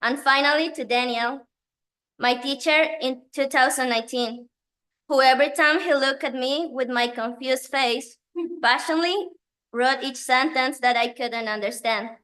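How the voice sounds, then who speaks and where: A woman whose first language is Spanish gives a prepared graduation speech, nervous and emotional, reading with pauses. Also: sits high, pushed and bright.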